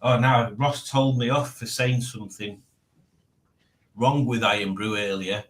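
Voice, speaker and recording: A man's voice: mid-range voice, fairly even intonation, a little slow, fairly bright tone, roomy sound. A man hosting a casual livestream at home, rambling as he reads chat messages aloud. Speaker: livestream host reading chat. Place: at home, indoors.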